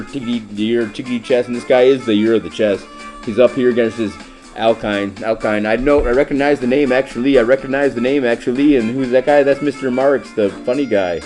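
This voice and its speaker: A man giving absurd chess commentary, stuffing his lines with rhyming nonsense fillers and jumping into squeaky falsetto yelps, with faint guitar music behind him. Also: a little mellow.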